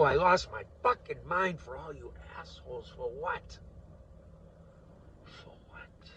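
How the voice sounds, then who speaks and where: A middle-aged man in a rambling, profane political monologue, laughing often and swinging between loud rants and muttering. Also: mid-range voice, far from the mic, noisy background. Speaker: vlogger.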